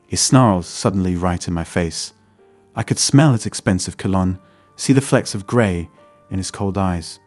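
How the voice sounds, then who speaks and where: A man narrating a scripted first-person story in a steady, even read. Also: low-pitched, normal speed, dry recording, faint music behind.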